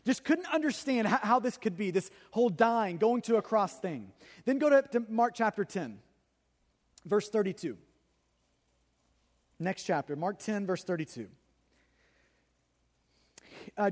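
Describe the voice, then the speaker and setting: A male preacher with a strikingly high voice, speaking to a congregation in a large hall whose long reverb trails after each phrase. He talks casually, stammers and doubles words, and climbs into forceful, loud emphasis. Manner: conversational, stammers and repeats words, builds to loud emphatic peaks. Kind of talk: sermon.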